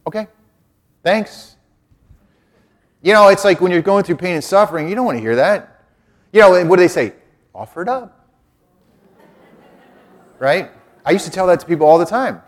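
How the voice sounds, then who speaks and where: A man's voice: high voice, fairly quick, pauses often. A middle-aged man, a Catholic priest, preaching a conversational sermon and acting out quotes in different voices.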